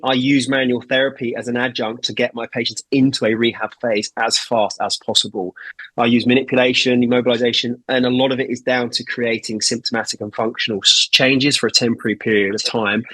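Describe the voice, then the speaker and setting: A man's voice: mid-range voice, a bit bright, no room sound, rough recording. A man, an osteopath guest, explaining his approach in a confident, emphatic way. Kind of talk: interview answer.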